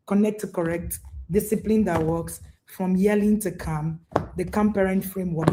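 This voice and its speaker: Woman coach, animated and emphatic live talk, warm mellow tone. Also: mid-range voice, a little hiss or hum. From Nigeria. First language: Igbo. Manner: animated, emphatic, repeats herself. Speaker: parenting coach.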